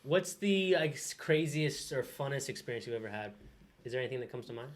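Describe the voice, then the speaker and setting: A man's voice: medium pitch, animated, brisk, slight background noise. A man hosting a podcast, asking guests easygoing questions. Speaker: podcast host. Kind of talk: casual interview questions.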